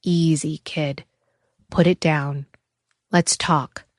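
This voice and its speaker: Female narrator as a calm male soldier in an audiobook, low, soothing, unhurried. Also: no room sound, clean studio sound. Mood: calm, coaxing.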